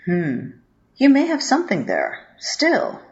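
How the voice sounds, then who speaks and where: A woman's voice: fairly high pitch, huge pitch swings, takes it slowly, voice pushed up, exaggerated voice. A woman voicing a fussy, flustered male parish priest in a narrated story. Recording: dull lo-fi audio.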